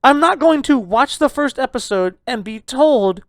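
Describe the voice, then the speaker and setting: A young man rants on a podcast with a loud, jokingly abrasive edge. He swears freely and teases his listeners. The recording is close and dry. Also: very high voice, lively intonation, moderate pace, vocal fry, hardly any pauses, dry recording. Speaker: podcast co-host. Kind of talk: casual ranting review chat.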